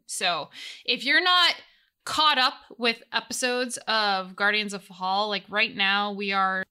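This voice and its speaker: A woman's voice: medium pitch, slow pace, pushed and bright, smooth. A woman game master chatting through a casual solo recap, rambling with many restarts and frequent laughs.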